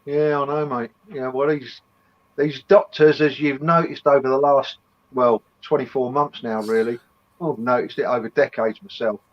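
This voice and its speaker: A man's voice: medium pitch, steady tone, moderate pace. Laid-back man, muffled line. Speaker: co-host. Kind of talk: casual chat on a live stream. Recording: muffled lo-fi audio.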